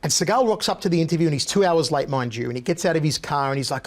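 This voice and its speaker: A man, a guest on an interview show, telling lively anecdotes and mimicking the voices of the people in them. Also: fairly high pitch, racing, few pauses.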